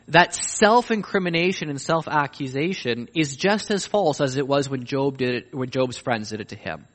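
A man preaching a sermon, swinging between hushed, reflective passages and emphatic, rising appeals. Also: high-pitched, big-room sound. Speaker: pastor.

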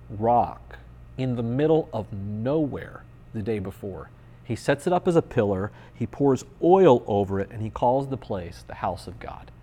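A man's voice: mid-range voice, warm tone, slightly rough. A man in his thirties, a pastor giving a conversational sermon with playful, dry humor.

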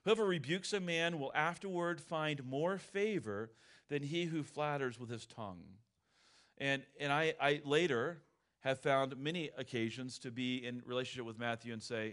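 A man's voice: medium pitch, normal speed, a bit bright. A middle-aged man and pastor preaching a sermon in a candid, conversational storytelling way.

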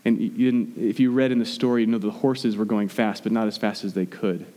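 A man's voice: fairly low pitch, steady tone, brisk, mellow. Man preaching in a reverberant hall. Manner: conversational, with frequent restarts and fillers. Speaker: pastor. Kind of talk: sermon.

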